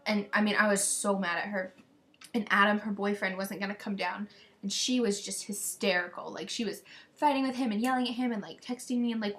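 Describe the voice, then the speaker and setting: A woman's voice: mid-range voice, fairly even intonation, fast talker, a bit bright. A teenage girl talking into a webcam in a casual, rambling video message to a friend, gossiping and venting. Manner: rambling, gossipy, quotes others in exasperated voices.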